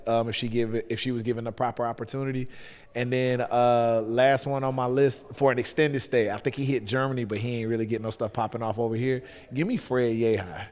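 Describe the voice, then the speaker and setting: A man's voice: mid-range voice, in a large hall. A man with a Southern US accent, a wrestler guest chatting casually on a podcast in a loose, laid-back way with lots of fillers.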